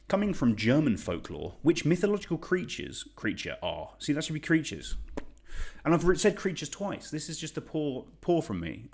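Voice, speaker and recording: A young man from England hosting an online quiz, chatty and self-deprecating as he reads out questions and shout-outs. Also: mid-range voice. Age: young adult. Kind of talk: casual quiz hosting livestream.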